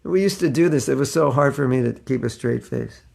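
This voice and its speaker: Gravelly older man telling stories. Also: mid-range voice, brisk, darkish tone. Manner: anecdotal, chuckling storyteller. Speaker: spiritual teacher. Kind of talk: casual religious class.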